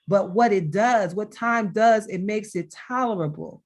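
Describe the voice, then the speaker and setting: A middle-aged woman shares personal stories over a video call. She speaks expressively and warmly in tone, with a mid-range voice, and she often breaks into laughter. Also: medium pitch, unhurried. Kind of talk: heartfelt conversational storytelling.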